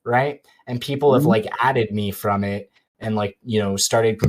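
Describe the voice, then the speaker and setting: Young man, lowish voice, casual podcast chat, rambling, lots of fillers. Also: measured pace. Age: young adult. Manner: rambling storytelling with many fillers. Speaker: YouTuber guest.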